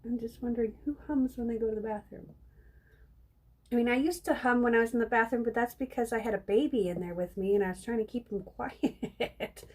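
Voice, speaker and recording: A woman's voice: fairly high pitch, brisk, breathy edge. A middle-aged woman hosting a live painting stream, chatting casually and rambling to viewers while she works, with hiccups. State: has hiccups. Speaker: live-stream craft host.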